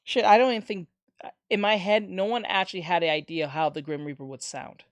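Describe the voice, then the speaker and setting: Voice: mid-range voice, brisk, no echo. A streamer in a casual live-stream chat, ranting with some swearing and reading chat messages aloud. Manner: animated ranting with profanity, reads chat aloud.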